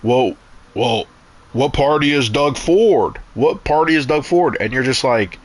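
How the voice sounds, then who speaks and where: A young man talks casually over his game. He rambles through stories in a middle-pitched voice, swears freely and often stops to restart a sentence. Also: lively intonation, a little slow. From Canada. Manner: rambling, profane storytelling with many restarts. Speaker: gaming streamer. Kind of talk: casual chat while gaming.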